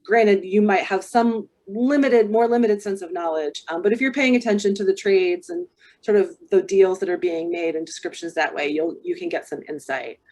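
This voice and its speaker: A woman's voice: medium pitch, moderate pace, darkish tone. A woman book coach giving casual advice, thoughtful and talking with many ums and restarts.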